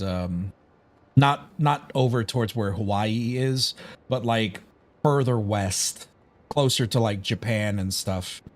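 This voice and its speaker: An American man streaming a game, musing aloud in a rambling, casual way with many fillers and some swearing. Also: lowish voice. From United States. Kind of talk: casual live-stream chat while playing.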